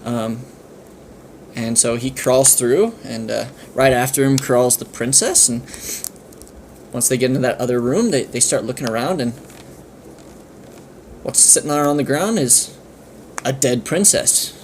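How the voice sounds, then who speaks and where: A man spins an improvised comic story, rambling as he goes. His voice sits at an ordinary middle pitch, and the telling is loose and unscripted. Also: unhurried, long pauses, a little hiss or hum. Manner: rambling, full of fillers and restarts.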